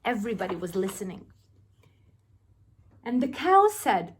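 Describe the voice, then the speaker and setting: A nursery teacher reading a children's picture book aloud with expressive, drawn-out storytelling. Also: female voice, on the high side, breathy edge.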